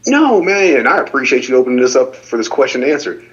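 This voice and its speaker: A man's voice: medium pitch, very animated, fast talker, a bit bright. A man calling in to a trading livestream to ask a question, friendly and polite with slangy thanks. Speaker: caller. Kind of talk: casual call-in question. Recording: dull sound from far off the mic.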